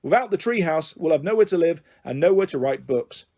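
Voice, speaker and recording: A man's voice: fairly high pitch, lively intonation, fairly quick, mellow. A man as a know-it-all young writer. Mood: explaining.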